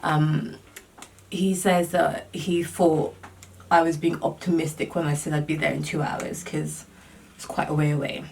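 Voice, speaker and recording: A woman vlogger telling a dating story in a casual, animated and exasperated way. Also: deep voice, a little slow, creaky, distant mic, a little hiss or hum.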